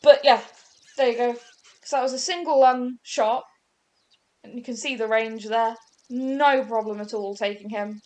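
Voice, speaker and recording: A young woman talks through her hunting game in a loose, chatty way. She rambles, trips over words and restarts her sentences. Her voice sits a little high for a woman. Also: steady tone, moderate pace, long pauses, a little mellow. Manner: chatty, rambling, self-correcting. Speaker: gaming channel host. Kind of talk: casual gameplay commentary.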